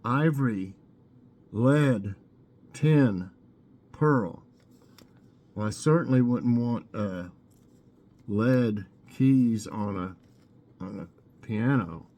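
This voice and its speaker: A man with a mellow, relaxed voice hosts a laid-back trivia segment. He mulls over each question aloud, drawing out the choices before reading the answer. His tone is chatty and unhurried. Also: mid-range voice. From Tennessee. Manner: chatty and musing, drawls out answer options. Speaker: vlogger hosting trivia.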